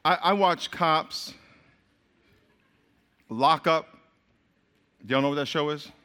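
A man preaching a sermon to a crowd in a lively, joking way, speaking straight to them. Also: on the high side, takes it slowly. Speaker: pastor. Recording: long hall reverb.

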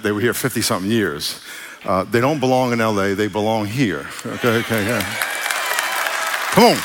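A man's voice: fairly low pitch, fairly bright tone, slight background noise. A middle-aged man preaching a conversational sermon as pastor, folksy and loose, often restarting and calling out for an amen.

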